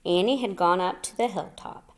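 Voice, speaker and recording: A woman teacher reading a children's chapter book aloud, telling it in a slow, expressive way. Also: lowish voice.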